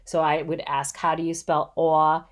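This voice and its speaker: A middle-aged woman with a low voice and little pitch movement narrates a voice-over lesson for reading tutors. She goes slowly and patiently, walking through each step.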